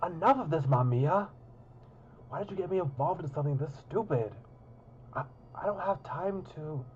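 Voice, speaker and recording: A man's voice: on the low side, steady tone, moderate pace, mellow, muffled recording, slight background noise, natural voice. A man voicing a nervous, reluctant young man at sea, flustered and easily exasperated.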